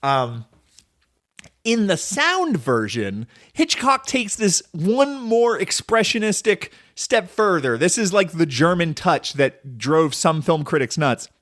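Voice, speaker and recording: A man's voice: on the high side, big pitch swings, slow, a bit bright, dry recording, studio quality. A man hosting a casual solo film podcast, rambling and enthusiastic, full of "like" and "um". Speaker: podcast host.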